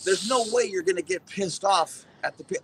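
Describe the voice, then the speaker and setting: A man's voice: high voice, moderate pace, slightly rough. A man talking bluntly outdoors, swearing and dismissive as he chats with a streamer.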